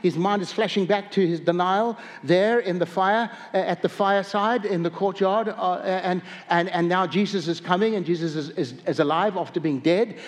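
A man with a high voice delivers a sermon in a hall where his words trail off in a long echo. He tells stories in a rambling, chatty way, restarting sentences and chuckling as he goes. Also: moderate pace, few pauses. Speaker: pastor.

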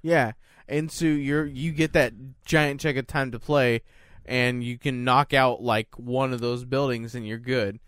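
A man's voice: medium pitch, fairly even intonation, a little slow, a bit bright, smooth, dry recording, clean studio sound. A man co-hosting a casual podcast chat, talking hesitantly with lots of filler words. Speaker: podcast co-host.

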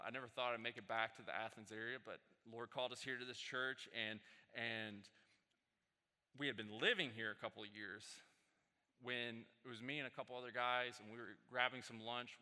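A male pastor delivers a sermon, his tone very bright and forward. He tells stories casually, climbing into animated bursts. The sound carries a long hall reverb. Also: medium pitch, clean tone. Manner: conversational storytelling, animated peaks. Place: church sanctuary.

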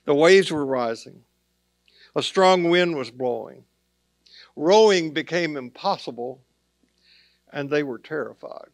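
Speaking a little slowly and leaving long pauses, a male pastor gives a sermon in an easy, conversational style, dropping in casual asides to the audience. His pitch is slightly higher than most men's, and the audio sounds close and dry, without any room reverb.

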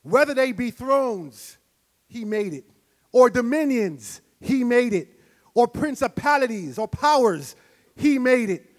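A man with a high voice preaches a sermon in a church. He moves from quiet, measured teaching to shouted, fervent prayer. A long reverb from the hall trails after his words. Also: expressive.

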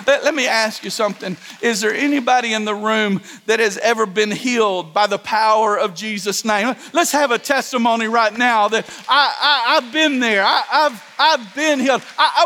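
Male pastor with a very high voice, sermon full of stammered restarts, long church hall echo. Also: pushed and bright. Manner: preaching with repeated stammered restarts and call-and-response.

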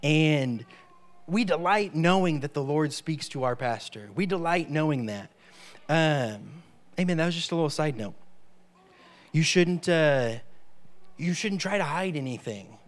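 A man's voice: a little high, expressive, measured pace. A man preaching a sermon, emphatic, repeating key phrases and dropping in frequent amens.

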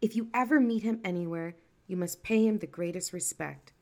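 A woman's voice: medium pitch, fairly quick, natural voice. Woman playing greedy trickster Buki. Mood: panicked. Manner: sly, turns loud and panicked. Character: greedy scheming male trickster Uncle Buki.

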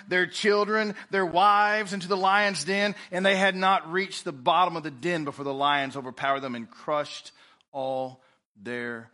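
A man preaching a sermon in a church, reading scripture aloud and swinging between loud emphasis and quiet, drawn-out lines. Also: high voice. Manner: preaching with rising and falling intensity. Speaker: pastor.

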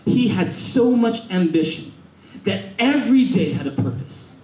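A male pastor preaching a sermon with energetic call-and-response and repetition, slipping in Mandarin phrases. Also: high-pitched, measured pace. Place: church auditorium. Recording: echoey church auditorium.

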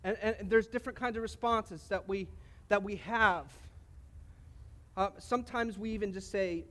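A man's voice: high-pitched, normal speed, fairly bright tone, big-room sound. A middle-aged man preaching a sermon, a pastor who tells stories and speaks straight to his congregation. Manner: conversational storytelling, addresses congregation directly. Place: church.

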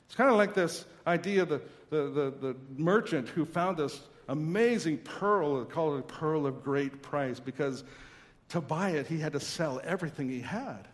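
Man preaching in a reverberant hall. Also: a little high. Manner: earnest, emphatic preaching with pauses. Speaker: pastor. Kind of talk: sermon.

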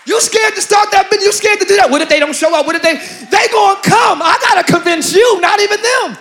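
A man preaching a sermon in an animated, slangy, joking style, with loud delivery. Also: very high-pitched, fast talker, a faint crowd.

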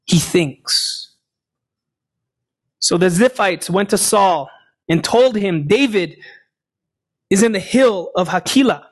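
A man's voice: sits high, lively intonation, slow pace, pauses often, breathy edge. A man preaching a sermon, retelling a scripture story and explaining it, asking and answering his own questions. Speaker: pastor.

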